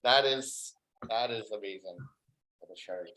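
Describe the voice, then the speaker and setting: An open mic stand-up comedian doing a dry, deadpan set on a club stage, pausing often on fillers. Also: mid-range voice. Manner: deadpan, dry one-liners with filler pauses. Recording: roomy club echo.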